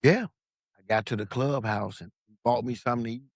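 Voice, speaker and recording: A man from Long Beach, California, a podcast guest telling his story in a casual, animated way, acting out the voices of people he quotes and swearing freely. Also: medium pitch, fairly quick, no room sound, studio quality.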